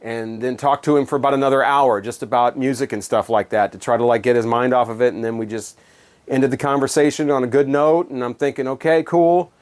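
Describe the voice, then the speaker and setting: A man's voice: mid-range voice, steady tone. A middle-aged man, a former radio DJ, telling rambling stories in a casual monologue full of fillers and restarts. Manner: rambling, many fillers and restarts, quick laughs. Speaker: former radio DJ and video host.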